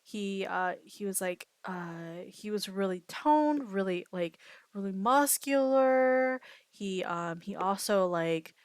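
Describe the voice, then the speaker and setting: Chatting casually, a woman streamer wanders through a story, stopping and restarting with lots of fillers. Her middling-pitched voice is expressive, slow, clear and resonant, and sounds close and dry with no echo.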